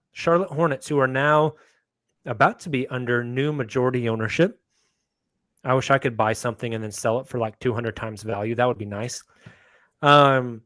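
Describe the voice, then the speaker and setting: A man's voice: mid-range voice, fairly bright tone, no echo, studio quality. A man hosting a casual sports podcast, upbeat as he steers the panel through topics. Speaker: podcast host.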